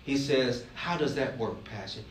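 A man's voice: medium pitch, moderate pace, a little hiss or hum. Man, pastor, emphatic sermon, joking asides, roomy hall, distant mic, faint ambience. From Alabama. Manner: preachy, emphatic, joking asides, call-and-response questions.

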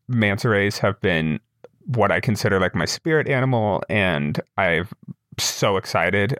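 Young guy telling a story on a call, lively, quotes people in higher voice, dry sound. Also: no room sound. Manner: animated, quotes people in raised voices, laughs often. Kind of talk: casual storytelling chat. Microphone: remote call with broken camera.

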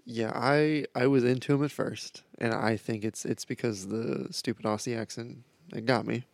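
A man's voice: mid-range voice, steady tone, normal speed, gravelly, no room sound. A man casually chatting about a movie on a podcast, laid-back and wry. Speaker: podcast co-host. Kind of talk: casual movie review chat.

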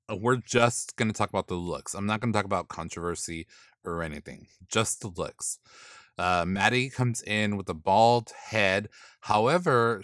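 A man giving sassy, blunt casual commentary, swearing freely and dismissing outfits with drawn-out put-downs. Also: fairly low pitch, fairly bright tone, no echo, clean studio sound. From not from the East Coast. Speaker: commentator reviewing drag looks.

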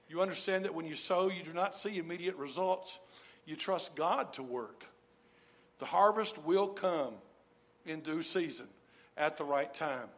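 Middle-aged male pastor, high voice, emphatic sermon delivery. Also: unhurried, fairly bright tone. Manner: emphatic, repeats key phrases for stress.

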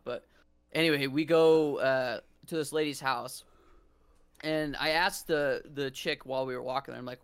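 A man's voice: mid-range voice, a bit bright. A young adult man hosting a podcast, telling a story in a casual, rambling way and dropping "dude" often. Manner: laid-back, says "dude" often, rambling restarts. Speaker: podcast host.

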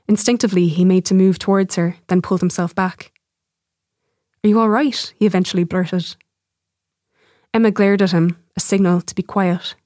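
A woman, an author reading her own short story aloud in a measured, even way. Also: lowish voice, no echo, clean studio sound. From Ireland.

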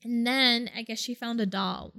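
A woman co-hosting a casual podcast, telling stories in an animated way and swearing casually. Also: on the high side, moderate pace. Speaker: podcast co-host. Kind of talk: casual chat.

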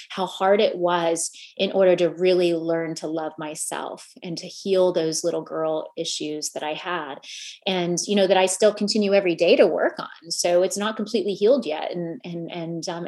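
A woman's voice: fairly low pitch, darkish tone. A middle-aged woman giving an earnest motivational talk to a gathering of women, often putting questions to the audience. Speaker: speaker addressing a women's gathering.

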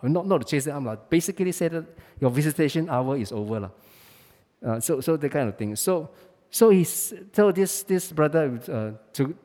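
A man's voice: mid-range voice, warm tone. A man preaching a sermon, emphatic, with many restarts and fillers. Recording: long hall reverb.

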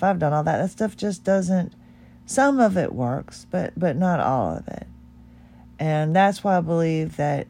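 A woman's voice: deep voice, warm tone. Woman, middle-aged, podcast host, heartfelt, rambling, candid monologue. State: tearful.

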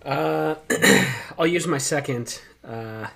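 A man playing in a tabletop game, soft-spoken and tentative. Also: on the high side, drawn-out words, gravelly, slight background noise. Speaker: player. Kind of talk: casual tabletop play.

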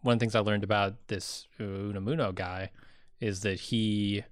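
Relaxed American man explaining on a podcast. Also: fairly low pitch, normal speed, smooth, no echo, studio quality. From United States. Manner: relaxed, explains ideas in a thoughtful way. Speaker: podcast co-host. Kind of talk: casual podcast chat.

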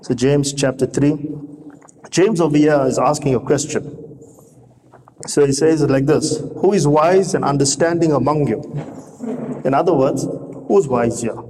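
Preacher in a reverberant hall, mellow voice. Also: male voice, fairly high pitch, measured pace, pauses often. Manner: conversational preaching with rhetorical questions. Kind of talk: sermon. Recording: reverberant hall with faint noise.

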